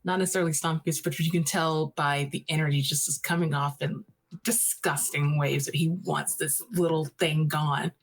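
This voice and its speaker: A woman narrating as a guest player in a fantasy storytelling game, halting with many uhs. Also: sits low, steady tone, low-quality recording.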